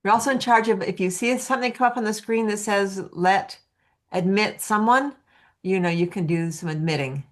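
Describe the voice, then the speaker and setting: A woman's voice: medium pitch, moderate pace. A woman hosting an online class over a video call, chatty and welcoming. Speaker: course host.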